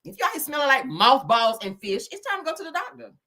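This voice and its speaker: A woman hosting a live gossip stream, talking loudly and laughing a lot as she reacts to comments. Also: sits high, fast talker. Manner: loud, animated, laughing a lot, Southern Black vernacular slang. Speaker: gossip show host.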